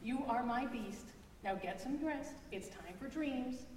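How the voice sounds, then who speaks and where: A woman voicing a gentle, loving mother monster at bedtime, reading slowly and softly in an echoey church hall heard from a distance. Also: a little high, animated, a little hiss or hum, pitched above the performer's own voice. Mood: tender.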